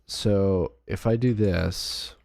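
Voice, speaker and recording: A man streaming a video game live, talking casually and counting quietly to himself as he builds. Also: deep voice, steady tone, extremely slow, vocal fry, no room sound. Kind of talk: casual gameplay commentary.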